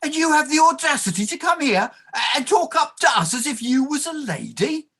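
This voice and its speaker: A woman's voice: sits high, sing-song, fairly quick, sharp tone, exaggerated voice. A woman doing an old blustering male clerk. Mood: indignant. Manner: outraged then fawning, sputtering. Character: blustering elderly male clerk Mercer, indignant. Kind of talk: amateur play reading.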